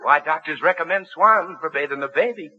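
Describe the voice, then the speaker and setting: A man's voice: a little high, brisk, sharp tone, husky. Eager, gushing male announcer in radio comedy. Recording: muffled old radio recording with hiss.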